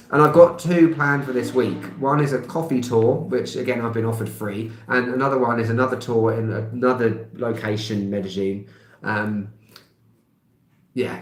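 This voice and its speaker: A man in his thirties with a London accent, chatting casually on a live stream and answering viewers' comments, rambling with many filler sounds and small laughs. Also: lowish voice. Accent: London English. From England. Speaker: travel vlogger. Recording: roomy echo.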